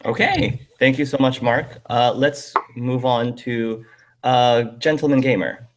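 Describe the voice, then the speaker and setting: A man's voice: mid-range voice, expressive, a little slow, background noise. A man hosting a casual online video panel, talking in a friendly way with plenty of "um"s. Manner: friendly, with frequent fillers. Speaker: host.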